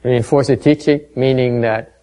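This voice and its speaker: A man giving a dharma talk to a meditation class, halting and full of fillers, quizzing and gently teasing his listeners. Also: medium pitch, fairly even intonation, smooth, low-quality recording. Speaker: meditation teacher.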